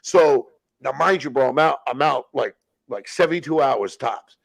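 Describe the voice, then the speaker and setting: Gravelly, profane man telling stories. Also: mid-range voice, normal speed. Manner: profane, blunt street slang. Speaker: podcast guest. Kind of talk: casual storytelling.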